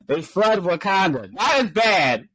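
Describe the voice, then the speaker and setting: A man co-hosting a podcast, chatting casually and animatedly, with bursts of high-pitched exclamations and laughter. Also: very animated, measured pace, bright, forceful tone, slightly rough, no room sound. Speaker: podcast co-host.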